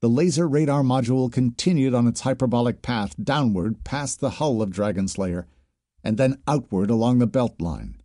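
A man narrates in a measured, even way, with a dark and mellow timbre. His voice sits at a mid pitch and is recorded dry and close to the mic. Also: no echo. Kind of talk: audiobook narration.

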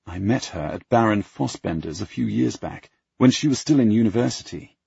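A man with a raspy, gravelly voice reading the lines of an easygoing young aristocratic man, raised above his own low pitch, in a dull, dry recording. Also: expressive, normal speed, a little mellow, no echo, exaggerated voice.

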